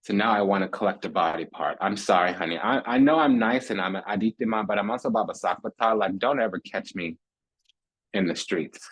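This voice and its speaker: A man's voice: on the low side, big pitch swings, fairly quick, gravelly, fairly bright tone, husky, low-quality recording. A man giving a casual tarot reading, sassy and theatrical, calling listeners honey and darling and repeating phrases for emphasis. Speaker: tarot reader.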